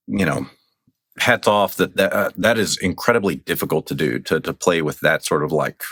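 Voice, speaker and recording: A man's voice: low-pitched, a bit bright, no echo, studio quality. A man guest on a podcast chatting casually. He rambles with enthusiasm and says "like" a lot. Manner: rambling, enthusiastic, heavy use of "like". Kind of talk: casual conversation.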